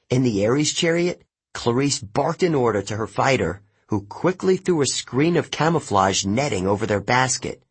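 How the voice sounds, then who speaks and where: Husky man narrating an audiobook. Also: medium pitch. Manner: lively first-person storytelling, raises voice for shouted dialogue. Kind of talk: scripted narration of a novel.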